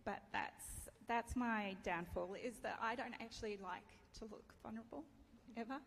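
A woman's voice: fairly high pitch, moderate pace, fairly bright tone. Woman preaching in a reverberant hall. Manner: candid, self-deprecating, laughs often. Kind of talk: sermon with personal story. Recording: reverberant hall, faint ambience.

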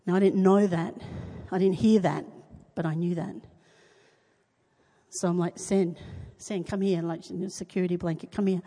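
A middle-aged woman sharing a personal faith testimony, telling it as a lively story, acting out what people said and laughing often. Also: on the low side, normal speed. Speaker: testimony speaker.

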